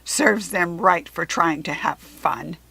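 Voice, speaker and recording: A woman voicing a spiteful male ice villain who sneers, cackles and shouts loudly. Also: lowish voice, slow pace, creaky, husky, pitched below the performer's own voice, exaggerated voice. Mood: sneering.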